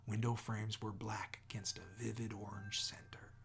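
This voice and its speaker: A man reading a novel aloud as an audiobook, measured, often sinking to near whispers. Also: fairly low pitch, flat delivery, vocal fry, a little hiss or hum. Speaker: audiobook reader. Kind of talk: audiobook narration.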